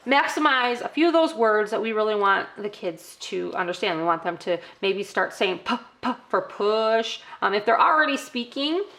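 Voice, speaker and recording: A woman's voice: mid-range voice, lively intonation, normal speed, few pauses, fairly bright tone. A middle-aged woman teaching parents a toddler activity, often breaking into exaggerated sing-song child-directed talk. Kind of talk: instructional demo for parents.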